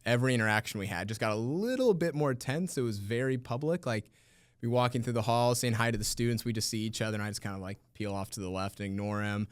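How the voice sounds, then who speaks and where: Animated storytelling man. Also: mid-range voice, clear, resonant tone, no room sound, clean studio sound. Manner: animated, laughs often, acts out quoted voices. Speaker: teacher. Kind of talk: interview storytelling.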